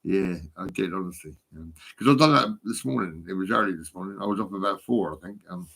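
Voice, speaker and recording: Recorded on a phone, a man in his fifties delivers a rambling vlog monologue, swearing, giggling and often laughing. His voice is low-pitched, creaky and a bit bright, with a fairly quick pace.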